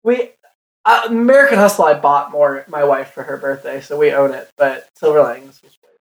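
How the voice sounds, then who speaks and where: A podcast co-host lays out movie plots step by step, steady and chatty. The voice sits in a roomy, echoing space. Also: medium pitch, moderate pace. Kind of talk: casual movie chat. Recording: roomy echo.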